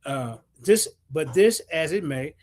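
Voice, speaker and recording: Brash, lively high-voiced man ranting. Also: measured pace. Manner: brash, profane, mocking, reads out sources. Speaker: livestream host. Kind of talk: heated livestream rant.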